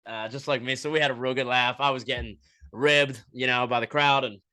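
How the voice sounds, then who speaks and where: A young man hosting a podcast, telling a story in a profane, animated way and quoting voices as he goes. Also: medium pitch, a little fast, smooth. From Florida, USA. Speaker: podcast host. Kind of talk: casual storytelling monologue.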